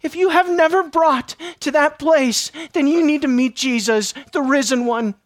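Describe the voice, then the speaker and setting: A woman preaching a sermon with passion, dropping to a hush and then rising loud, at times out of breath. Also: high voice, normal speed, no echo. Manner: impassioned, swings from hushed to loud.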